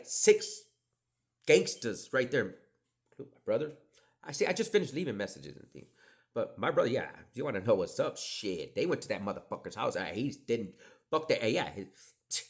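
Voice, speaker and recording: Animated, profane middle-aged man rambling. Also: mid-range voice, normal speed, gravelly. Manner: profane, digressive, laughs and drops to whispered asides. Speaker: podcast host. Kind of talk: rambling storytelling monologue.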